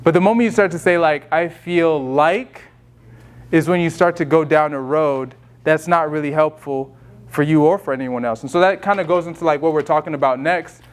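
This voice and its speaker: A man's voice: a little high, fairly quick. Easygoing man giving a self-care talk. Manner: conversational, relaxed, with many fillers and restarts. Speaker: speaker leading a self-care session. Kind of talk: casual teaching talk.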